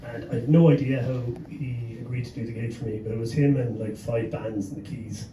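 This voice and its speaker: A man's voice: mid-range voice, fairly even intonation, fairly quick. Irish man, panel storyteller, sweary and chuckling, distant mic in an echoey room, noisy background. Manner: swears freely, chuckles through his story. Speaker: panelist, gig promoter. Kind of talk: anecdotal storytelling on a live panel. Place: pub venue with a live audience.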